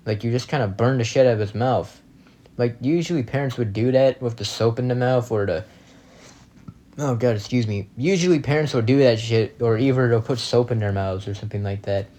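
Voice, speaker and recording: A man's voice: medium pitch, brisk, dark tone. A young man giving casual reaction commentary, blunt and indignant, swearing heavily as he rants.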